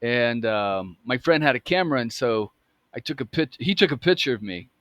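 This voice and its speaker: A man's voice: medium pitch, lively intonation, normal speed, fairly bright tone, no room sound. A man in his fifties telling a personal story in a casual, rambling way, often correcting himself. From United States. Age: 50s. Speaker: vlogger.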